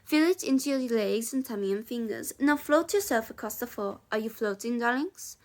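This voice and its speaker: A woman's voice: fairly high pitch, animated, normal speed, lightly acted. A woman voicing a glamorous, theatrical female drama teacher with a put-on French accent. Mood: dramatic.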